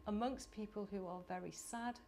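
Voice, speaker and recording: A middle-aged woman from the United Kingdom speaking at a conference, animated and chatty with laughing asides. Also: mid-range voice, normal speed, vocal fry, a little hiss or hum. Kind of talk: conference talk. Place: conference hall.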